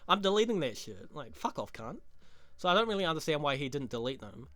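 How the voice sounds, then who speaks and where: A man's voice: on the high side, big pitch swings, quick pace, pushed and bright, no room sound. A young man recapping a show in casual, crude, laughing commentary full of slang. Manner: crude, laughing, rambling slang-heavy talk. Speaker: show reviewer.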